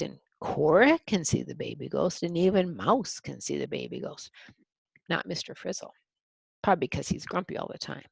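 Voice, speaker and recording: A woman's voice: low-pitched, vocal fry, darkish tone, breathy edge, no echo. A woman reading a picture book aloud to children, explaining words and adding chatty asides. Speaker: storyteller.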